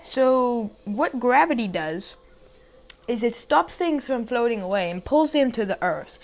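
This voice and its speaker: In a fairly high voice with lively intonation and a measured pace, a young woman tells a story casually. She rambles, trips over her words, restarts sentences and wanders into side remarks.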